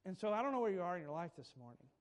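A man's voice: high voice, sing-song, racing. A male preacher delivering a sermon with emphatic, repetitive phrasing and light chuckles.

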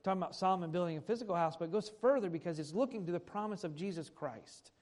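Higher-voiced male preacher. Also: fast talker, a little mellow. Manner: reads old scripture aloud then restates it in plain everyday speech. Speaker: pastor. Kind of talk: sermon with scripture reading.

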